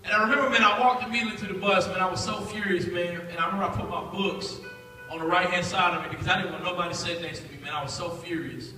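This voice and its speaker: A man, telling a lively testimony to students as guest speaker in a school chapel. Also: high-pitched, very fast, faint music behind. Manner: animated, acts out voices. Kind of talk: storytelling testimony. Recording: echoey hall from far off.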